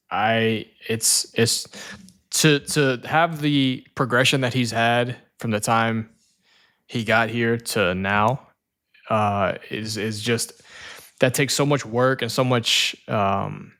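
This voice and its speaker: A man's voice: medium pitch, a bit bright, smooth. Rambling man co-hosting a sports chat. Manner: rambling, restarts sentences often. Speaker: podcast co-host.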